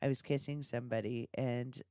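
A woman's voice: a bass voice, fairly even intonation, fairly quick, mellow, no room sound, clean studio sound. A woman hosting a podcast, telling frank, bawdy stories in a crude casual chat and laughing often. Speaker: podcast host.

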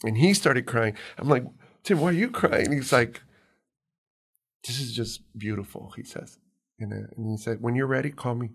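A man, a guest on an interview show, telling his life story calmly and gently in a soft-spoken way. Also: medium pitch, moderate pace, vocal fry. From immigrant to New York. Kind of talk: conversational storytelling.

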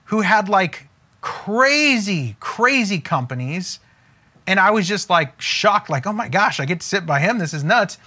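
High, bright-voiced motivational man. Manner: emphatic, preacher-like, slows down on key phrases. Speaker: business coach. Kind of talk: motivational talk.

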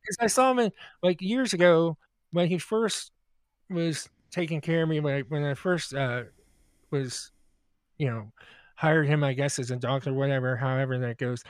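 A man's voice: a little high, fairly even intonation, moderate pace, smooth, dry recording. Rambling, laughing man on a dry mic. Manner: laughing, rambling, stammers and restarts. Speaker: podcast co-host. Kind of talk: casual comedy podcast storytelling.

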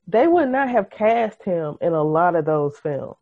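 A woman co-hosting a podcast in casual chat, expressive and storytelling. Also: on the low side, a little slow, few pauses. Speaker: podcast co-host. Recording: muffled video-call audio.

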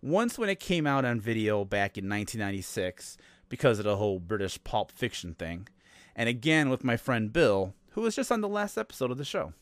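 A man's voice: mid-range voice, big pitch swings, a little fast, no room sound. An American man hosting a podcast, telling the story in a casual monologue full of sarcastic asides. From United States. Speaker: podcast host.

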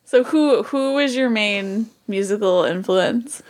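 A woman's voice: mid-range voice, takes it slowly. A young woman with a New England accent, co-hosting a podcast in giggly, self-deprecating casual chat. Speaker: podcast co-host.

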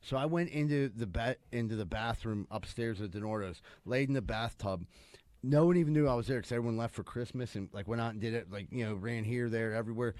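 A man's voice: mid-range voice, fast, a little mellow, dry recording. A man in casual podcast chat spins a rambling, profane story. He peppers it with "dude" and "like". The sound is dry and close.

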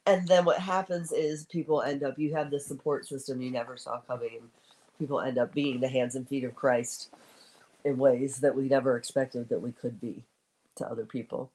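A woman co-hosting an audio-only podcast, chatty and reflective, and quick to laugh. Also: a bass voice, fairly even intonation, dark tone, rough recording. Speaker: podcast co-host. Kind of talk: casual podcast chat.

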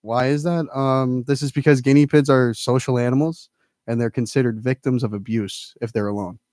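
A man's voice: mid-range voice, steady tone, brisk, darkish tone, no echo, studio quality. A man chatting casually and playfully, hopping between trivia and joking asides. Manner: playful, jokey, mimics voices. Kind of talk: casual chat.

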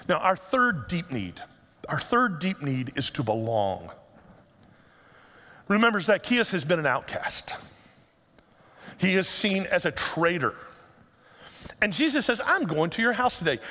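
Middle-aged pastor guy preaching, lively pitch jumping all over, big hall echo. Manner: animated, conversational storytelling with humor. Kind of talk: sermon.

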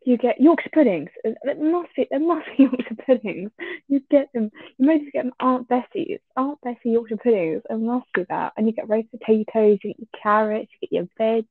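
A woman's voice: on the high side, brisk, breathy edge, dry recording. Female co-host, teasing and giggly, thin phone-like sound, dry. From England. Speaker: podcast co-host. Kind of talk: casual chat. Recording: tinny phone-like line.

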